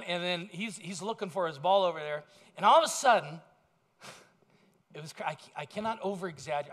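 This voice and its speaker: A middle-aged man preaching a sermon as a pastor, telling a lively story and acting out what people shouted. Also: on the high side. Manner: storytelling, acts out shouted quotes.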